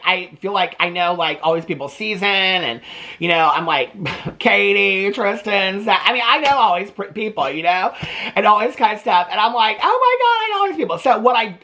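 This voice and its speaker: A man chatting in a gossipy, animated way as he reacts to a reality dating show, peppering his talk with "okay?" and "like". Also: high-pitched. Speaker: TV reaction vlogger.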